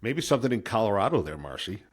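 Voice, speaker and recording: A man's voice: fairly low pitch, very animated, quick pace. Firm male podcast host. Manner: direct, advising listeners firmly. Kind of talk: podcast interview.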